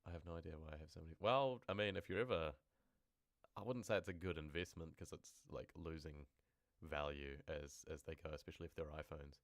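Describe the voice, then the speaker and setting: Man, very deep low voice, horror story narrator, live stream, casual rambling chat, dry close mic. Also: a little fast, no echo.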